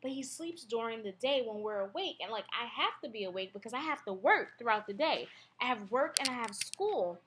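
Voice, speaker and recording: Young woman venting to her followers, high voice, lots of likes and restarts, emotional. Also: expressive, fairly bright tone. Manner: halting and emotional, with many fillers and restarts. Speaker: blogger. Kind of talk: personal confessional monologue.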